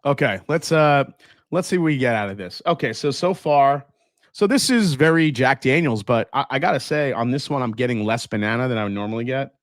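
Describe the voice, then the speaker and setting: A man's voice: medium pitch, expressive, a little fast, no echo, studio quality. A man hosting a casual live stream, chatting loosely and laughing as he reads viewer comments aloud. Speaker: whiskey livestream host.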